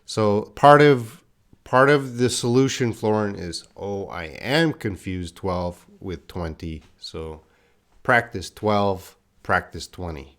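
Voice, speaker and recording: On a live stream, a man teaches English, drilling words for students to repeat and reading the live chat aloud as he chats with viewers. His voice is lowish and fairly bright, with lively intonation and an unhurried pace.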